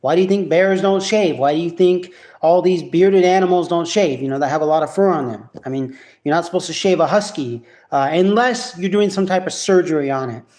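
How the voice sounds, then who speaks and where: A man's voice: on the high side, brisk, darkish tone. A man ranting casually to camera in a vlog at home, profane and rambling with many restarts. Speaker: vlogger.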